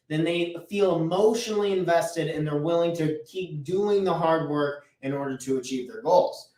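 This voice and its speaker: A man hosting a motivational business talk at a chalkboard, energetic and repeating key phrases for emphasis. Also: high-pitched, recorded from a distance. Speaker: business coach and podcast host. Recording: roomy echo, voice off-mic.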